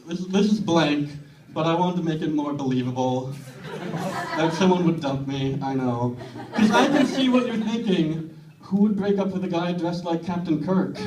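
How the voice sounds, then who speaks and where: A man performing a stand-up comedy set with a deadpan, self-deprecating delivery, in a comedy club with a laughing audience. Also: high-pitched, far from the mic. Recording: roomy club, mic heard from afar, audience laughing.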